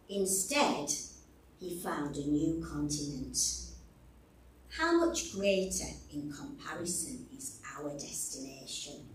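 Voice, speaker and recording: A woman preaching a sermon in a church hall, slow and deliberate, warmly expressive. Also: on the low side, recorded from a distance. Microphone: stage microphone.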